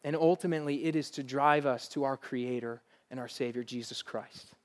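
A man's voice: mid-range voice, moderate pace. A male pastor preaching a sermon to a live congregation in a church, earnest and conversational, with light laughs.

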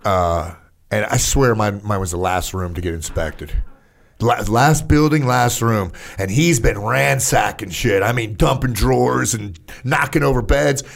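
An older man, an army veteran, telling stories in a casual interview, profane and animated, full of fillers. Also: lowish voice, a little slow, gravelly.

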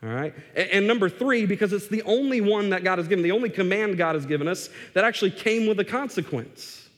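A man preaching a sermon, emphatic, repeating words for stress, with restarts and fillers. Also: high-pitched. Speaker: pastor. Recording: echoey hall reverb.

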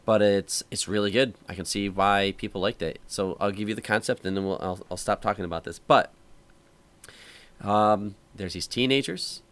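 A man with a fairly low voice rambles through a story on a relaxed podcast chat. He keeps circling back, piling up "like" and "um" as he goes. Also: normal speed. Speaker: podcast host. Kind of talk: casual chat.

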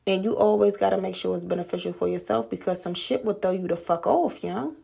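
A woman's voice: medium pitch, brisk, vocal fry, warm tone, slightly rough. A woman podcast host giving a blunt, profane motivational monologue full of rhetorical questions.

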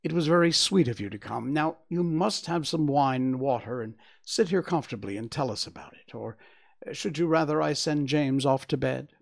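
A man's voice: a little high, normal speed, gravelly. A man doing a soothing kindly wife. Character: gentle, motherly young wife comforting a friend.

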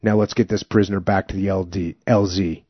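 A man's voice: sits low, level tone, brisk, breathy edge, no room sound, voice pushed down. A man voicing a stern male army captain who reprimands a junior officer sharply, in a slightly muffled dry recording.

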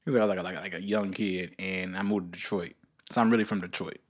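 A young man co-hosting a podcast, chatting casually and telling a long story, often jumping into high voices to quote people. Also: fast. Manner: animated storyteller, jumps into high-pitched voices when quoting people. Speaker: podcast co-host.

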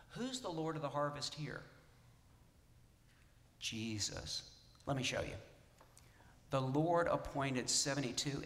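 A man's voice: mid-range voice, fairly bright tone. Urgent preaching man in an echoey hall. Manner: urgent, emphatic preaching with rhetorical questions. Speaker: pastor. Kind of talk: sermon.

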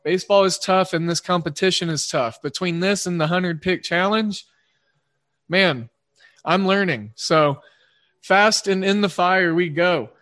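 Quick-fire Oklahoma man hosting a podcast. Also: sits high, fairly bright tone. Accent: Oklahoma twang. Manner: rambling, quick-fire, self-correcting. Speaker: sports betting podcast host. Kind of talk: casual podcast monologue.

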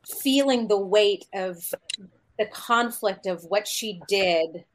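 A woman's voice: medium pitch, slow pace, a little hiss or hum. A woman, a panel guest, telling a casual story and acting out quoted lines of dialogue. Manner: anecdotal, acts out quoted dialogue.

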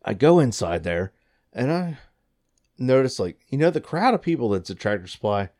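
A man in his thirties telling a story in casual chat, profane and excited, jumping into high voices when quoting people. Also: normal speed.

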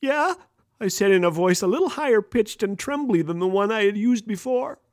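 A man's voice: brisk, no echo. A man hosting a radio show, telling humorous stories that lead into a devotional message. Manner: lively, playful storyteller with a wide-ranging pitch. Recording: dry studio voice with faint music.

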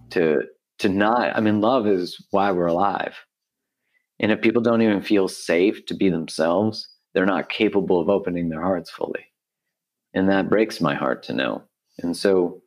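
A man hosting a podcast, talking in a soft-spoken, searching, reflective way. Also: deep voice. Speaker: podcast host. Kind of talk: reflective conversation.

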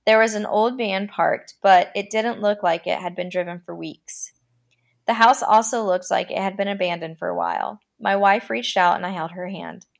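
A woman podcast host reading a horror story aloud, with a dramatic delivery that slows down for the creepy lines. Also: mid-range voice, gravelly.

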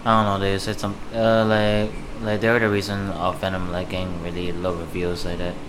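A man co-hosting a casual film review podcast, talking haltingly and searching for words. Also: low voice, completely flat delivery. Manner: hesitant, halting with fillers. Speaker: podcast co-host. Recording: noisy background.

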